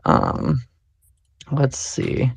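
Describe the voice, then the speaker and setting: A man's voice: drawn-out words, dry recording. A man hosting a casual live audio chat, loose and chatty with lots of fillers. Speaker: podcast host.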